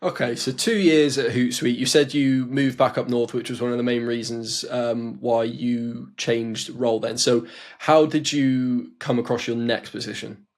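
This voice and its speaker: A man hosting a podcast interview, with a mid-pitched, everyday voice. He asks his guest questions in a relaxed, conversational way, recapping and prompting the next story. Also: normal speed. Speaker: podcast host.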